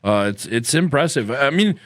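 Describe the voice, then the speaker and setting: A man co-hosting a podcast, chiming in with short quick replies and laughing along. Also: mid-range voice, expressive, dry recording, clean studio sound. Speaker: podcast co-host. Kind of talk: casual chat.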